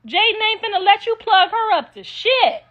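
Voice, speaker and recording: Brash, high-voiced older woman ranting. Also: expressive, normal speed, highs cut off. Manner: profane, brash, talks straight to viewers. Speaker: online commentator. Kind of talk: casual rant to viewers.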